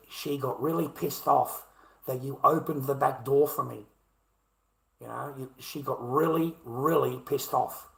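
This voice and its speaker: A man's voice: mid-range voice, steady tone, unhurried, vocal fry, a bit bright, echoey room, rough recording. A man telling a rambling personal story, full of slang and calling the listener mate and bro. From Australia.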